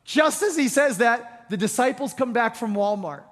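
Brief: lively, high-voiced male pastor, conversational sermon. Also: moderate pace, in a large hall, slight background noise. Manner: animated storytelling, conversational.

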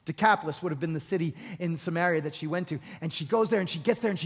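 A male pastor preaching a sermon, retelling a story in a conversational, animated way. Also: fairly high pitch, racing, few pauses, slightly rough, in a large hall.

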